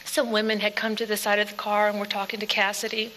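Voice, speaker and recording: A woman giving an earnest personal testimony speech in plain storytelling, dropping to quiet passages. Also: medium pitch, completely flat delivery, fast talker. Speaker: speaker telling her own story. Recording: echoey hall with faint hum.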